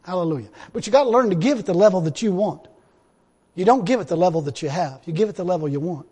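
A man's voice: high voice, animated, quick pace, mellow, slightly rough, in a large hall. A middle-aged man preaching a sermon in an emphatic, repetitive way, often breaking into laughter and exclamations of praise.

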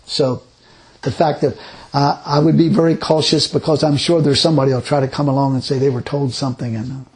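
A man's voice: mid-range voice, level tone, fairly quick, a little mellow, rough recording. A man teaching verse by verse through scripture, reading passages aloud and explaining them in a rambling, unpolished way with frequent restarts. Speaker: Bible teacher.

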